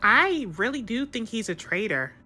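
A woman's voice: a little high, sing-song, moderate pace, sharp tone, soft background music, heavily acted. A woman voicing a shrewd female toy contestant in a toy reality-show role-play, scheming in a conversational way.

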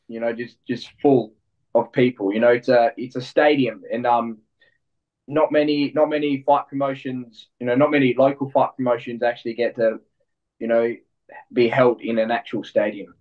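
Laid-back Australian fighter on a dull line. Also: male voice, medium pitch, fairly even intonation, recorded from a distance. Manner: laid-back, halting, repeats words. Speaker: fighter, guest. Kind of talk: casual interview.

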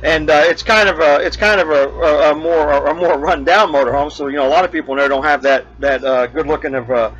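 A man's voice: fairly high pitch, steady tone, fairly quick, hardly any pauses, a bit bright, highs cut off. A man hosting a homemade RV show, chatting casually and telling a joke, with many fillers and restarts. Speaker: host of an RV show. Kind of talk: casual rambling chat.

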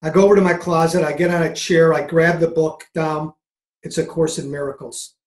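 A man, a mindset coach, answering an interview question with a lively story, acting out the dialogue as he goes. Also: on the high side, a little fast, reverberant. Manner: animated, acts out dialogue in anecdotes. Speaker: podcast guest, mindset coach.

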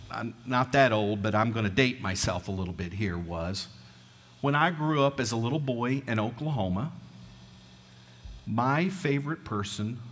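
This middle-aged pastor from the American South has a fairly low, slightly bright voice and a Southern twang. He delivers a folksy, story-driven sermon, putting questions to his congregation, recorded in an echoing church hall.

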